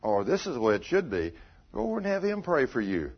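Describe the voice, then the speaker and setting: A man preaching a sermon, telling stories in a folksy, animated way and rising to loud emphatic peaks. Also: medium pitch, fast, slightly rough. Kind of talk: sermon with storytelling. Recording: dull lo-fi recording.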